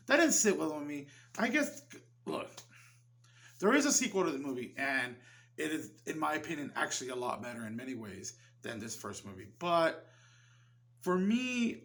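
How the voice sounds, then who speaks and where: A man's voice: on the high side, a bit bright. A man giving a casual film review, rambling loosely and swearing freely. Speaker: movie reviewer.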